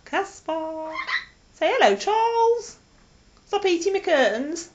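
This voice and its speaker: Cooing woman, high and swooping. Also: big pitch swings, takes it slowly. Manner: cooing baby talk, playful and teasing. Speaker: pet owner filming her parrots. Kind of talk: home video, chatting to pets. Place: at home indoors with pets. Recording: dull, slightly hissy home video.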